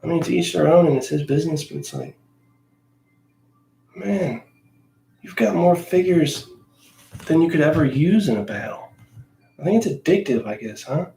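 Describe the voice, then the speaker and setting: Gravelly man grumbling while he paints. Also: on the high side, expressive, normal speed, long pauses, dark tone, reverberant. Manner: grumbling, self-mocking complaints; talks in a coaxing sing-song to his cat. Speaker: miniature painting hobbyist. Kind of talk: casual chat while painting.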